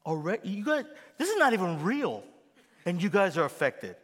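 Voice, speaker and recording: Animated pastor preaching in a reverberant hall. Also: male voice, sits high, moderate pace, breathy edge. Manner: animated, acts out quoted voices and gasps. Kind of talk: sermon.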